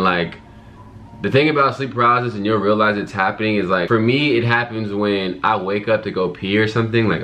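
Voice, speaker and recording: Deep-voiced laid-back young man. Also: fairly bright tone. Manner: laid-back, slangy, many fillers. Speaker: co-host of a couple's channel. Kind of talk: casual storytelling to camera.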